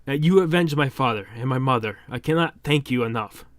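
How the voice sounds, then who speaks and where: A man's voice: mid-range voice, brisk, no echo, studio quality, natural voice. A man voicing a scared young boy shogun who pleads tearfully with his friends not to leave. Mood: pleading tearful.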